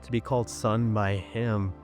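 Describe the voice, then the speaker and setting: A man's voice: lowish voice, level tone, measured pace, faint music behind. A man giving a personal faith testimony, earnest and storytelling, acting out the voices of people he quotes. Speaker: testimony speaker.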